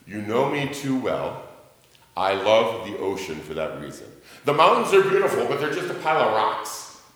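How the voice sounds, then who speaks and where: A man preaching a sermon as pastor, joking with his congregation and swinging between booming emphasis and quiet asides. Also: sing-song, moderate pace. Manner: jokey with the congregation. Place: church sanctuary. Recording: roomy church reverb.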